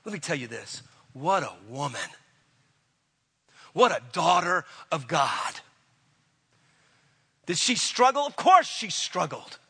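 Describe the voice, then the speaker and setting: Impassioned high-voiced male preacher in a hall. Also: big pitch swings, slow pace, gravelly, pauses often, slightly rough. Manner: impassioned, swings between loud declarations and quiet intensity. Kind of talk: sermon.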